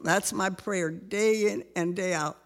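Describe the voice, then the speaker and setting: A woman's voice: mid-range voice, steady tone, a little slow. A woman of ninety, nervous about speaking in front of people, talking about her faith with a laugh and reciting a prayer. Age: 90s. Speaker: grandmother interviewed in church. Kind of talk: faith testimony interview.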